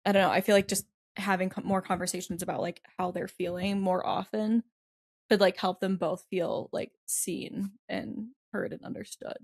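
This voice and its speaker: A woman co-hosting a casual advice podcast, thinking aloud with lots of "like"s and gentle hedging. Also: mid-range voice, flat delivery, moderate pace, creaky, breathy edge, dry recording, studio quality. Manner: thoughtful, hedging with many "like"s. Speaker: podcast co-host.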